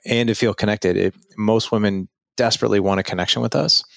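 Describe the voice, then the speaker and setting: Gravelly, low-voiced man giving advice. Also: fast talker, no echo, clean studio sound. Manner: earnest, animated storytelling with acted quotes. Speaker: podcast guest, fatherhood coach. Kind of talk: casual advice conversation.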